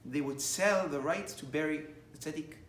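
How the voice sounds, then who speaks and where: Animated preaching man in an echoey room. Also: fairly high pitch, moderate pace, a little hiss or hum. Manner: animated, rising to loud emphatic bursts, many restarts. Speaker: rabbi. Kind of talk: sermon with storytelling.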